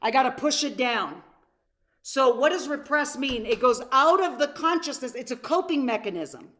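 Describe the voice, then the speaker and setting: High-voiced woman coaching a live masterclass. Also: animated, moderate pace, a bit bright. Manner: storytelling, asks audience questions, acts out quotes. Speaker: seminar coach.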